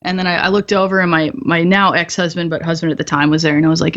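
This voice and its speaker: A woman's voice: low-pitched, little pitch movement, fast talker, a bit bright, muffled recording. A woman in her thirties, a podcast guest, candidly telling a hard story with blunt, profane humor and frequent laughs. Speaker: podcast guest, combat veteran.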